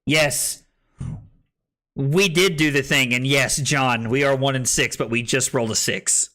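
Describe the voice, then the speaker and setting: A man's voice: mid-range voice, a little slow. A man streaming a card game, chatting casually with his chat and thinking aloud about his plays. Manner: chatty, thinks aloud, excitable when winning. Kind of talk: casual gameplay commentary to chat.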